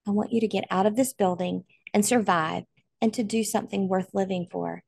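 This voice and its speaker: A woman voicing a trapped father who speaks slowly, quietly and weakly, his voice trembling. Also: mid-range voice, steady tone, gravelly, slightly rough, no room sound, studio quality. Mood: gentle, resigned. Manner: quiet, weak, trembling, slow.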